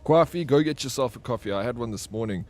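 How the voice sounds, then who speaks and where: In a mid-range voice, talking fast and animatedly, a male streamer plays a game live and chats with viewers. He reads out their messages, answers them, and spins rambling tales thick with fillers and restarts.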